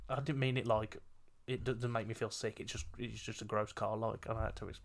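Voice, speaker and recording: A young man, co-hosting a casual podcast chat, frank and quick-witted, laughing often. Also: fairly low pitch, level tone, gravelly. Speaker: podcast co-host.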